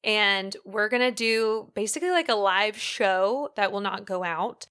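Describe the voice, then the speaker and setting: A woman co-hosting a podcast in casual chat, an animated storyteller who fills her talk with "um" and "like". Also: medium pitch, measured pace, clear, resonant tone. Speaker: podcast co-host.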